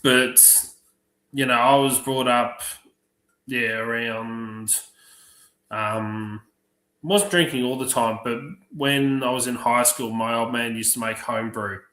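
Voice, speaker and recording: A man telling profane, lively stories on a livestream, acting out the other people's lines. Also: medium pitch, slow. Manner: profane, animated anecdotes acting out other voices. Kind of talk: casual storytelling on a livestream. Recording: roomy echo.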